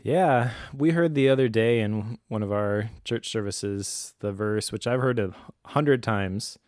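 A man's voice: fairly low pitch, a little slow, dry recording, studio quality. A man co-hosting a faith and family podcast, talking casually and telling stories with easy laughs. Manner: relaxed storyteller, laughs easily. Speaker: podcast co-host.

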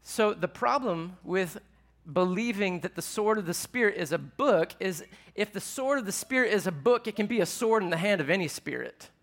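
Man, sermon, conversational, questions to the crowd, fairly high voice. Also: lively intonation, moderate pace, fairly bright tone. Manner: conversational, asks the audience questions. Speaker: pastor.

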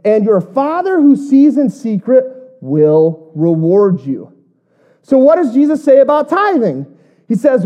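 A woman giving a casual Bible teaching. She jokes between passages and reads scripture slowly. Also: high-pitched, very animated, mellow, muffled recording.

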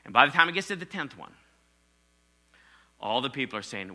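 A man preaching a sermon, emphatic, calling on the congregation and dropping from loud exclamations to near whispers. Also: medium pitch, sing-song, a little fast, long pauses. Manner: asks the congregation to respond.

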